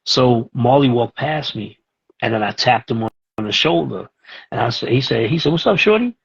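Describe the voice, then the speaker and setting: A man's voice: medium pitch, moderate pace, gravelly, slightly rough, dull audio. A man, telling a story casually as a guest and acting out the voices of the people in it. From East New York, Brooklyn. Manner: animated, acts out voices in his stories.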